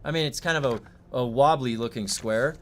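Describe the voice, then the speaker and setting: A man's voice: mid-range voice, fairly quick, soft background music. A man who streams games muses aloud in a rambling, curious way and swears now and then, talking into a desk mic. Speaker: game streamer. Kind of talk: casual livestream musing.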